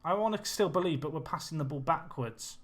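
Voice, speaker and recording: A man's voice: fairly high pitch, brisk. Chatty man streaming a game. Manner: chatty, excitable, talks to chat. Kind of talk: live game commentary and chat. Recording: faint music behind.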